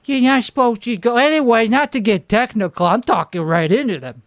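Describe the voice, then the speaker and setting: A man's voice: very high voice, animated, a little fast, no echo, clean studio sound. A man playing a rambling wannabe politician. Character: self-important male wannabe politician, blustering and clueless. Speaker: comedy show host. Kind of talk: rambling comic monologue. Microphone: two microphones.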